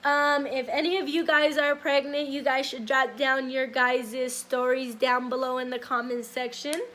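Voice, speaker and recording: A young woman recounts a personal story to her viewers in a casual vlog. Her voice sits high, and she rambles along, filling her sentences with likes and ums. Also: little pitch movement, moderate pace, fairly bright tone. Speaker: vlogger.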